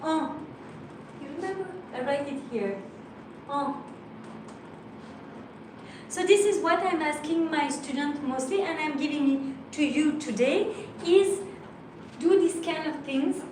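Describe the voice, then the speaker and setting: A woman's voice: high voice, moderate pace, a little mellow. A woman from France with a French accent, teaching a live language lesson and patiently spelling out letters. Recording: very echoey room, mic far off, faint noise.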